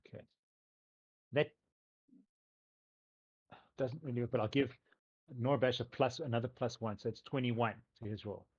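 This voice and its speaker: A man narrating as game master of a tabletop game, easygoing and halting. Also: medium pitch, steady tone, no room sound. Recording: dull lo-fi mic.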